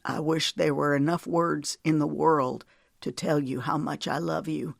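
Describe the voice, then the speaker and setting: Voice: lively intonation, normal speed, gravelly, no echo, studio quality. A narrator voicing an earnest, tender older husband. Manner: low, urgent, earnest.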